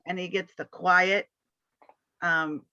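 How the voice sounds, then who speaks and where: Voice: mid-range voice, fairly even intonation, slow pace, pushed and bright, smooth, dry recording, dull audio. A puppy raiser in a training class, explaining in a conversational way with small restarts.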